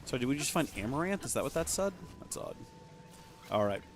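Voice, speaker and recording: A man's voice: medium pitch, very animated, fairly quick, soft background music. A man chatting casually while playing a game on stream, rambling about what he is doing. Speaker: let's play streamer. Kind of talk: casual gameplay commentary.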